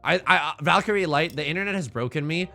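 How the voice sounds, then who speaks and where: A man's voice: fairly high pitch, quick pace, sharp tone, faint music behind. A man streaming a game live, rambling and joking with his chat between plays. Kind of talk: live-stream gameplay commentary.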